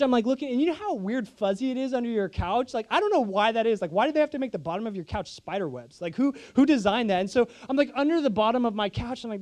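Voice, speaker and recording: A man's voice: high-pitched, darkish tone. A young man preaching a sermon, telling a humorous, self-deprecating story to his congregation.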